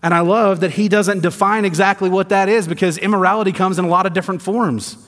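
Pastor preaching in a reverberant hall. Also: male voice, high voice, steady tone, quick pace. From American South. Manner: swings from quiet emphasis to rising intensity, sarcastic asides. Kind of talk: sermon.

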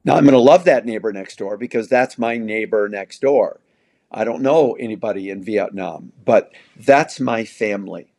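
A man's voice: on the low side, warm tone, no echo. Older man, reflective storyteller. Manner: reflective, measured storyteller with frequent "uh" pauses. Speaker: guest theologian. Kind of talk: conversational interview.

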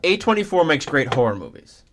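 A man co-hosting a podcast, chatting in an animated way, often repeating himself and talking to his listeners. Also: fairly high pitch, a little fast, noisy background. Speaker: podcast co-host. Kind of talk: casual chat.

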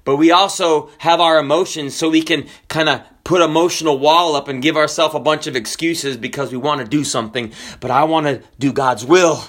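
A pastor in his forties preaches a sermon by telling stories conversationally, full of fillers. He swings between quiet, low asides and high, excited bursts, speaking fairly quickly with few pauses.

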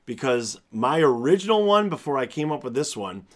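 Animated man in a playful movie chat. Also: mid-range voice, moderate pace. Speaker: podcast co-host.

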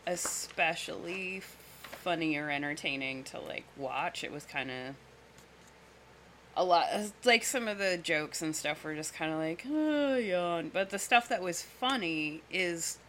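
A woman's voice: low-pitched, moderate pace, fairly bright tone, a little hiss or hum. A woman co-hosting a casual movie review chat, giggly and hesitant with lots of fillers. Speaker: podcast co-host.

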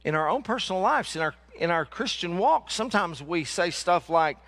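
A male pastor preaching a sermon, animated and joking, repeating lines for emphasis. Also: sits high, normal speed, few pauses.

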